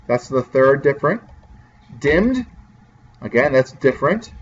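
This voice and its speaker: A man's voice: medium pitch, sing-song, a little slow, dull audio, a little hiss or hum. Casual male teacher explaining poetry. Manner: casual, talks directly to students. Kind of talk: classroom lecture on poetry.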